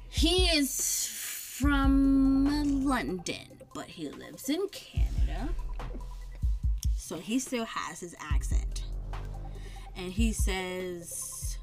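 Woman from the American South, casual chat, drawn-out delivery, lively pitch, music clearly behind. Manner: drawn-out, expressive, quick interjections. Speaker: podcast co-host. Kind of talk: casual chat between friends.

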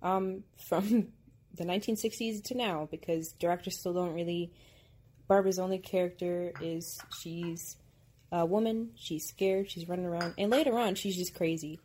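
A woman's voice: on the low side, fairly even intonation, moderate pace, a little mellow. A young woman hosting a podcast, chatting casually and teasing her co-host as they watch a movie together. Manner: chatty, teasing, laughs often.

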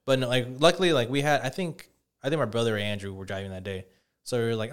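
A man's voice: lowish voice, fast, smooth. A man in his twenties co-hosting a podcast, casually telling a story full of swearing and acted-out quotes. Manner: profane, animated, acts out quotes. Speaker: podcast co-host.

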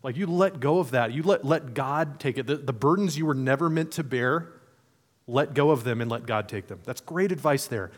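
A man's voice: medium pitch, normal speed. A man preaching a sermon in a conversational, playful way, acting out imagined voices. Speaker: pastor.

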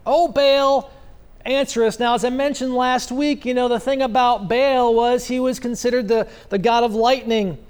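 A male pastor preaching on a church stage at a stand microphone, animated and joking as he retells a story. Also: very high voice, normal speed, hardly any pauses, clear, resonant tone. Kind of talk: sermon.

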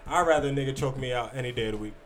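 A man co-hosting a podcast, telling a story in casual, animated chat, swearing freely and acting out quotes. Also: medium pitch, very fast, a little hiss or hum. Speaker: podcast co-host.

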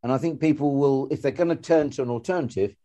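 A man talks through ideas in a relaxed podcast chat, looping back over his words with restarts and fillers. His voice is mellow and warm, sitting at an ordinary pitch. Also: quick pace. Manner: rambling, frequent restarts and fillers. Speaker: podcast co-host. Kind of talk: casual conversational podcast.

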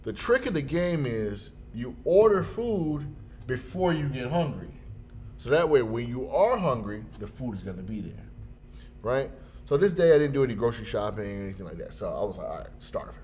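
A man telling a funny everyday story in a casual chat, jumping into high voices when he quotes people. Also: very animated, moderate pace, a little mellow, slight background noise.

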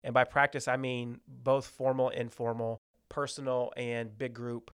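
A man hosting a podcast, giving numbered practical tips in a relaxed teaching tone with light humor. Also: medium pitch, unhurried, clear, resonant tone, dry recording, studio quality. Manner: structured tips, light humor, acts out example dialogues. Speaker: podcast host. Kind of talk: casual teaching talk on workplace communication.

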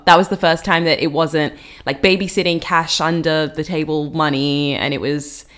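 A young woman, co-hosting a podcast in casual, animated chat and laughing often. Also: lowish voice. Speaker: podcast co-host.

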